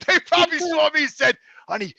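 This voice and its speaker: A man with a very high, gravelly voice tells a story in a casual panel chat. He is animated and profane, stammering as he restarts his sentences. The tone is bright and sharp, and the sound is dry and close. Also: quick pace. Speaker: regular panelist.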